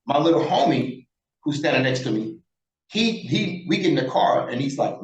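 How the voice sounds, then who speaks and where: Animated storyteller man in his sixties. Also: medium pitch, moderate pace, muffled recording. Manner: animated, acts out quoted dialogue, blunt and profane. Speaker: interview guest, former prisoner. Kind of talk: storytelling in a casual interview. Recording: roomy echo.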